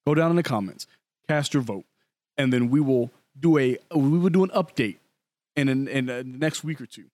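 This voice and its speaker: A man's voice: medium pitch, expressive, moderate pace, darkish tone, no room sound. A man co-hosting a podcast, rambling casually and speaking to the audience. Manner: rambling, restarts, addresses the audience. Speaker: podcast co-host. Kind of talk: casual chat.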